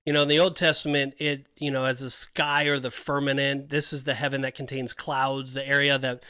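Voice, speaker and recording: A man's voice: medium pitch, level tone, brisk, pushed and bright, smooth, no room sound, clean studio sound. A man co-hosting a casual Christian podcast, earnest and enthusiastic, with many "you know" and "like" fillers. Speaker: podcast co-host.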